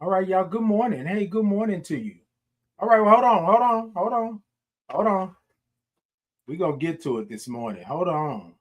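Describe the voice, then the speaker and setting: A man's voice: high voice, sing-song, moderate pace. A man from Houston with a Southern Texas twang, hosting a casual morning livestream, folksy and repetitive, greeting viewers by name. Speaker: morning show host.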